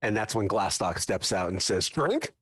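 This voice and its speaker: A man's voice: sits low, fairly even intonation, moderate pace, fairly bright tone, dry recording, clean studio sound. A man playing a tabletop game, joking and narrating his character. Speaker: player.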